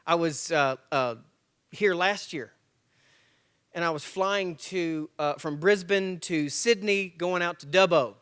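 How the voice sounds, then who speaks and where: In this clip, a man in his forties speaks as a guest at a church men's breakfast, giving a motivational talk full of stories, acted-out dialogue and jokes at his own expense. His voice is fairly high and clean, and he takes things slowly. He comes across as a lively, jokey storyteller who enjoys mocking himself.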